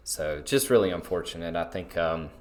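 A man with a low voice chats about football with his co-host. He sounds easygoing and conversational and throws in a joke now and then. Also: moderate pace, a little mellow, slight background noise. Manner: easygoing, conversational, jokey asides. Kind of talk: casual sports chat.

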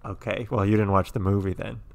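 A man co-hosting a casual movie podcast, deadpan and teasing. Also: lowish voice, fairly quick, creaky. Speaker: podcast co-host.

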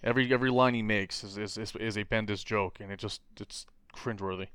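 A man chatting casually about comics, animated and quick to mimic characters in silly voices. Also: on the low side, clean tone, no room sound, clean studio sound. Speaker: comic book podcast co-host. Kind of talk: casual chat.

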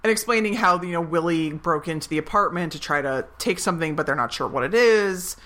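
A woman co-hosting a podcast, recapping a film in animated casual chat and acting out quick quotes. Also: lowish voice. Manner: animated retelling with quick acted-out quotes, laughs often. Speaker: podcast co-host.

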